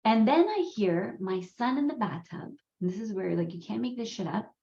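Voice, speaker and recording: A woman whose first language is Gujarati, hosting a parenting course in a candid, animated storytelling way with frequent laughs. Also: mid-range voice, normal speed. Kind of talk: conversational course talk. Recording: roomy, slightly dull sound.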